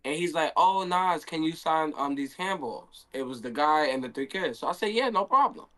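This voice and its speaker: A man's voice: fairly high pitch, normal speed, a bit bright. A young man, a handball player, telling a story in a casual stream Q&A and acting out his own quotes.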